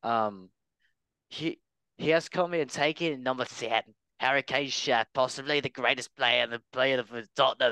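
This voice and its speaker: A man hosting a football chat show in a teasing, jokey way. His voice is smooth and resonant. The sound is dry and close. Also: medium pitch, moderate pace, pushed and bright, dry recording. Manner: jokey, teasing, reads news aloud. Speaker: host. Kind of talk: casual panel chat.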